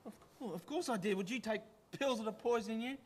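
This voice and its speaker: A man's voice: high-pitched, fast talker, slightly rough. A man playing a frightened, paranoid man off his medication, agitated and stammering, repeating himself. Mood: fearful.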